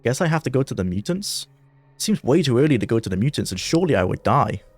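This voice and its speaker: A man giving let's play commentary on a mobile game, excitable, with jumpy bursts of panic and frequent laughter. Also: mid-range voice, quick pace, breathy edge, dry recording. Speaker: gaming video creator.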